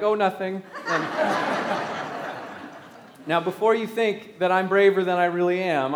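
Animated storytelling preacher, slightly high voice. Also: male voice. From United States. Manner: storytelling, self-deprecating, animated when acting out the disciples. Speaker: pastor. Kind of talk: sermon.

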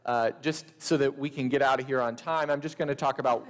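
A man preaching a sermon, deliberate and measured, with a few wry asides to the congregation. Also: mid-range voice, steady tone, big-room sound. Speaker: pastor.

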